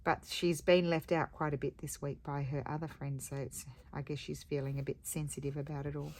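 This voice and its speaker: A woman's voice: low-pitched, level tone, fairly quick, darkish tone. A middle-aged woman chatting casually and rambling about her day while she works on a craft project. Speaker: craft video host.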